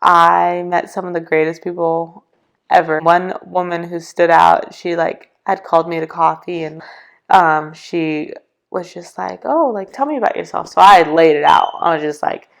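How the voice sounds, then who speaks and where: A woman's voice: lowish voice, little pitch movement, measured pace, gravelly. A young woman from California telling a personal faith story as a podcast guest, chatty and full of fillers, acting out what she and others said. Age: young adult. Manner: chatty, filler-heavy, acts out quoted dialogue. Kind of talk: casual personal testimony.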